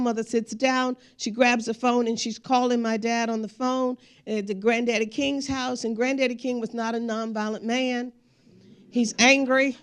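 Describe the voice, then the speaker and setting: A woman giving a speech, telling family stories while showing pictures. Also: on the high side. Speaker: speaker. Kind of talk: storytelling speech with slides.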